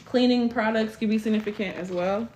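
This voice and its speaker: A woman's voice: fairly high pitch, brisk, a little mellow, a little hiss or hum. A woman in her twenties giving a casual live tarot reading, chatty, tagging almost every line with "okay?". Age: 20s. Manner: chatty, tags lines with "okay?". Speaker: tarot reader.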